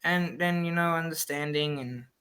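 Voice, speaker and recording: A man's voice: on the high side, moderate pace, a crowd in the background. A man from the Cayman Islands, a flag football referee and podcast guest, chatting casually in a rambling storytelling way and acting out his own quoted lines.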